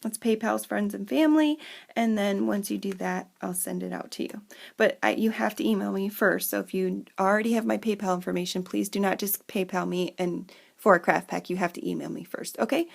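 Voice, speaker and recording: Gravelly-voiced woman showing crafts, bit higher pitch, rambly and self-deprecating. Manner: rambling, often loses her train of thought. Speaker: craft channel host. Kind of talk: chatty crafting tutorial.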